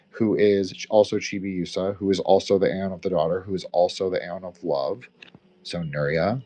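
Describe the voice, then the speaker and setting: A low, slightly mellow male voice with a light Quebecois accent delivers casual closing remarks as host of a live audio chat. He rambles and swears, with frequent fillers.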